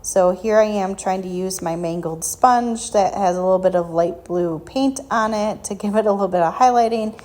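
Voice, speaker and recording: A woman's voice: mid-range voice, normal speed, darkish tone. A woman hosting a painting and crafting tutorial, talking casually and self-deprecatingly with frequent ums. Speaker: craft shop tutorial host.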